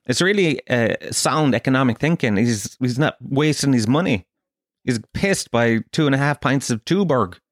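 An Irish man with a Kerry lilt tells a rambling comic story, cursing freely and leaping up in pitch on the punchlines. His voice sits at a middling pitch, and the sound is dry and close, with no room echo. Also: moderate pace. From Ireland, Tralee. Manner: swears a lot, animated rants with bursts of high pitch. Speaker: comedian. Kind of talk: stand-up style comic monologue.

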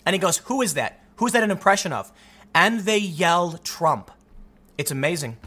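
A man giving opinionated solo commentary in an emphatic, animated way, often repeating words as he gets going. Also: sits high, moderate pace. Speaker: political commentator.

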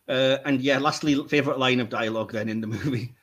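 A man's voice: mid-range voice, fairly bright tone. A man hosting a casual podcast chat, joking and laughing often as he teases his co-hosts. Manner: jokey, laughs often, teasing. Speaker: podcast host.

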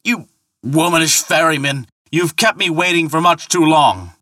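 Give me a man playing a furious thunder god with a loud, bright, roaring voice. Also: mid-range voice, animated, normal speed, no echo, clean studio sound, voice pushed up.

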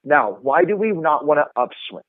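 Man, sales trainer, animated explainer, tinny phone-line sound, dry. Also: a little high, normal speed, no room sound. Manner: animated, demonstrates tones with his voice. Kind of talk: instructive podcast talk.

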